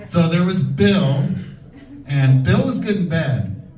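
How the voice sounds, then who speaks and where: Campy, lively comedian on a club stage. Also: male voice, fairly high pitch, slow, distant mic. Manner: animated, campy, loud punchlines. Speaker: stand-up comedian. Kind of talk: stand-up comedy set. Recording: echoey club heard from afar. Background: laughing crowd.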